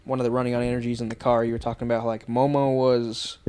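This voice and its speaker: A man's voice: mid-range voice, level tone, fast, darkish tone, smooth. A man hosting a podcast, chatting in a laid-back way, swearing casually and agreeing often. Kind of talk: casual chat.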